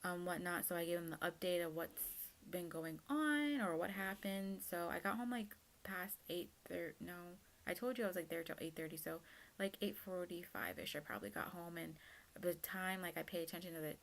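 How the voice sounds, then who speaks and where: Gravelly-voiced young woman telling a story. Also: fairly low pitch, animated, a little fast, slight background noise. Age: young adult. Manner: chatty, lots of fillers. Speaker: vlogger. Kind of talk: casual storytime.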